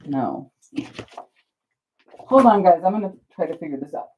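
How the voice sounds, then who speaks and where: A low-voiced woman chats her way through a crafting livestream, her pitch bouncing lively up and down. She is flustered and pokes fun at herself as she talks to viewers. The audio is dull and lo-fi. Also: moderate pace, a little hiss or hum. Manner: flustered, chatty, self-deprecating, talks to viewers. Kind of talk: casual livestream chat while crafting.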